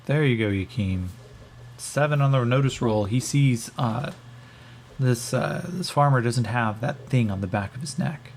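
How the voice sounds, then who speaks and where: Solo game master, gravelly voice, halting think-aloud narration, faint keyboard noise behind. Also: male voice, medium pitch.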